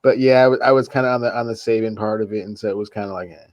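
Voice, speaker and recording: A man's voice: fairly low pitch, fairly even intonation, rapid-fire, a little mellow, dry recording. A man co-hosting a casual sports talk show, speaking hesitantly and leaning on "you know" as he gives his opinions. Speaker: podcast co-host.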